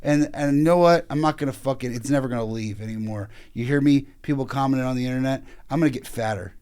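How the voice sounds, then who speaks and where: A man co-hosting a comedy podcast, crude and provocative, with loud outbursts. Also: mid-range voice, fast, smooth. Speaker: podcast co-host. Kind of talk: casual comedic chat.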